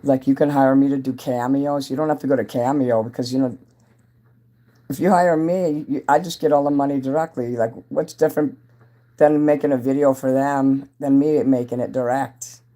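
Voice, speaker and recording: Man, livestream host, rambling chatty talk, greets viewers by name, mellow darkish voice. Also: mid-range voice, steady tone, moderate pace. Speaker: entertainer hosting a livestream. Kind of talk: casual livestream chat with viewers.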